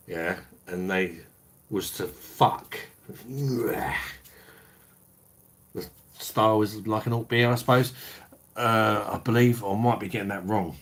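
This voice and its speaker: A man's voice: lowish voice, a bit bright. A middle-aged man with a Cockney and Kentish accent, casually chatting on a livestream and reading out viewer comments in a matey, sweary way. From South East England, London. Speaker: beer review livestream host.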